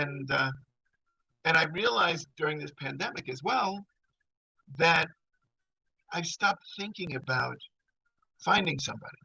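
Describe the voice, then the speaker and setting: A man's voice: on the high side, creaky, bright, forceful tone, slight background noise, poor audio. A middle-aged man telling a personal story in a rambling, conversational way. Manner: rambling, conversational, full of fillers.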